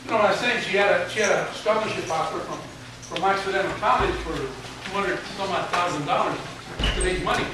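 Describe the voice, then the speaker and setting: A man in his seventies, once a teacher, amuses students during a speech with a folksy, funny story, swearing mildly now and then. His voice sits high and moves fairly quickly. The echoey hall, full of an audience, is recorded from afar with background noise.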